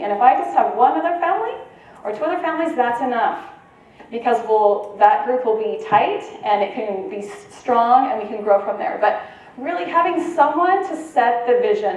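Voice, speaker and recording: A woman with a fairly high voice gives a conversational presentation to a live audience, often checking in with her listeners. Her voice bounces around a very echoey meeting room. She sounds a little far from the mic, with a faint hum of ambience behind her. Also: darkish tone. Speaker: conference presenter. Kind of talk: informal talk to a live audience.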